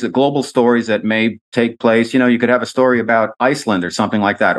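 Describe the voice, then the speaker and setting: A man from New Jersey hosting an interview, asking long, rambling questions with curiosity. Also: lowish voice. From New Jersey, USA. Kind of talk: conversational interview.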